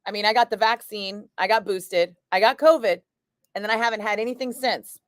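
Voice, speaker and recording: A woman's voice: medium pitch, steady tone, fairly quick, dry recording, clean studio sound. A woman chatting casually on a livestream, reading viewer comments in a wry, chatty way that slips into swearing, tired from a migraine. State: battling a migraine. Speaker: radio host streaming live chat.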